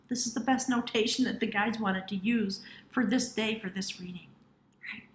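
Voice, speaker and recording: A woman gives a tarot reading in an earnest voice that sits a little high. She talks straight to the viewer and sometimes slips into hushed, stretched-out phrases. The room is echoey, with a faint hiss under her voice. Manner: earnest, addresses the viewer directly. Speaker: tarot reader. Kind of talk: intuitive tarot reading to camera.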